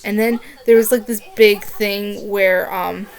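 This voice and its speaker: A woman's voice: medium pitch, fairly even intonation, a little slow. A young woman chatting casually in a book review vlog, rambling and gushing with constant "like" fillers.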